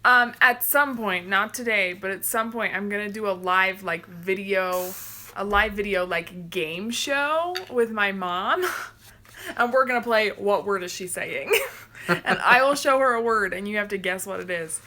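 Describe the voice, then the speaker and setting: A woman chatting casually on a home livestream, rambling and quick to laugh. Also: medium pitch, sharp tone. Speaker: livestream co-host. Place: home, indoors.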